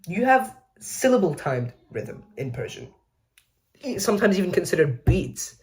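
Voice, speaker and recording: A man's voice: high-pitched, sing-song, measured pace. A man giving a casual educational explainer, with chatty, self-mocking asides and frequent mid-sentence corrections. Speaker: video essay host.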